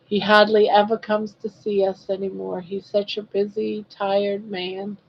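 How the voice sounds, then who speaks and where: Woman in her 60s, live-stream host, slow and chatty, teases her viewers, slightly dull lo-fi audio. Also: medium pitch, little pitch movement, gravelly. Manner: chatty, reads viewer comments aloud and teases. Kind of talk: casual live-stream chat.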